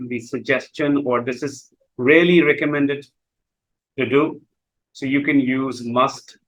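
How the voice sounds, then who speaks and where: Urdu-speaking guy teaching english grammar, mid pitch, says things twice, slow careful examples. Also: a bit bright, rough recording. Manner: repeats and rephrases himself, slow deliberate examples. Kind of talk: grammar lesson explanation.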